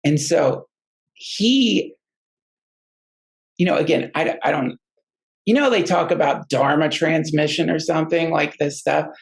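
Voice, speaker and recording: Gravelly man telling a halting story. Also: on the high side, low-quality recording. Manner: halting and rambling, many restarts. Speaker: guest storyteller. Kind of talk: casual personal storytelling.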